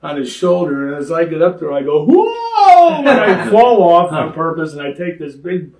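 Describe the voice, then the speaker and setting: An older man, once a pro wrestler, recounts his stories with animated, playful energy and slips into the voices of the people in them. His voice sits somewhat high for a man. He sounds set back from the microphone, with a roomy echo around him. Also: a little fast, distant mic, crowd noise. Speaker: former pro wrestler, interview guest. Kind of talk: lively anecdotal storytelling. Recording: roomy echo, speaker off-mic.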